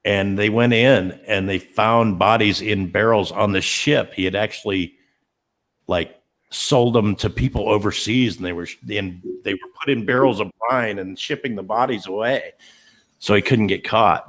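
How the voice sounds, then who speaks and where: A man hosting a casual chat, eager and quick to chime in. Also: lowish voice, fairly bright tone.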